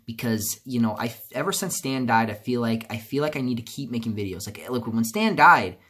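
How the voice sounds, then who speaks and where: A man speaks alone to camera in a loose, rambling vlog. He restarts sentences and leans on fillers, sinking into quiet, low stretches before bursting out louder. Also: expressive, fairly quick, husky. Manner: rambling, many restarts and fillers, swings from subdued to loud outbursts. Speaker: YouTuber. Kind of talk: casual vlog monologue.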